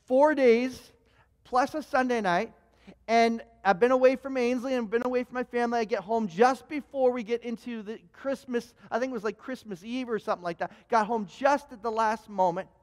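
A high-pitched man delivers a sermon as a running personal story. He talks animatedly and often stumbles, repeating words and restarting sentences. His voice rings with a long reverb from a church hall. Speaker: pastor.

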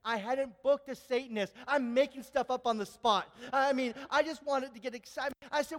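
A man preaching a sermon, telling a story with animated energy and building to shouted peaks. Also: very high-pitched, fairly quick, hardly any pauses. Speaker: pastor. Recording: long hall reverb.

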